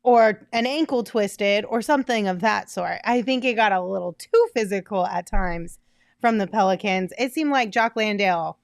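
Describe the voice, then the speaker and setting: A woman hosting a casual sports podcast, upbeat and quick to laugh. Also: medium pitch, creaky, no echo, studio quality. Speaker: podcast host.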